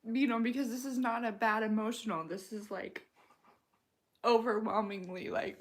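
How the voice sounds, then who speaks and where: A woman giving a casual intuitive reading, talking in a slow, rambling way with many fillers. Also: fairly high pitch, steady tone. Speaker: intuitive reader. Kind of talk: casual spoken tarot-style reading.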